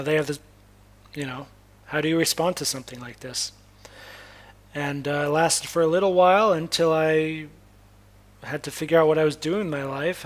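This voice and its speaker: A man's voice: fairly high pitch, fairly bright tone. A young man from Massachusetts telling a personal story as a vlogger. He talks candidly, swears freely, and often restarts his sentences. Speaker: spiritual vlogger. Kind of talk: casual personal storytelling monologue.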